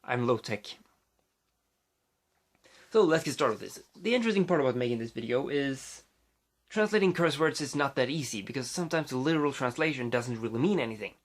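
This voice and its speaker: A man's voice: mid-range voice, lively intonation, a little fast. Rambling Swedish man vlogging on a phone. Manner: rambling, with many fillers and restarts. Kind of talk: casual rambling vlog.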